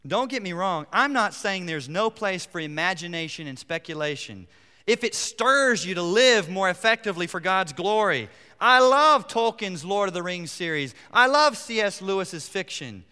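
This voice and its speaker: A middle-aged man preaching a sermon as pastor, emphatic, rising to near-shouts on his key points. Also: high-pitched, lively intonation, moderate pace, clean tone. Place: church sanctuary. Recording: long hall reverb.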